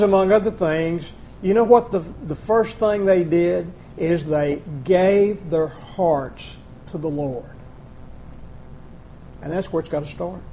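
A man's voice: high-pitched, a little mellow, slight background noise. A male preacher giving a conversational Bible-teaching sermon in a folksy way, often acting out quoted voices.

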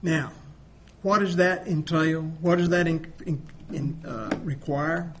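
A man preaching a sermon, emphatic, swinging between loud appeals and quiet asides, asking rhetorical questions. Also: on the high side, slow pace, noisy background. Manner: emphatic, rising and dropping volume, rhetorical questions.

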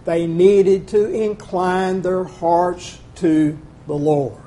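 A man's voice: sits high, fairly even intonation, extremely slow, mellow. A male preacher giving a conversational Bible-teaching sermon in a folksy way, often acting out quoted voices.

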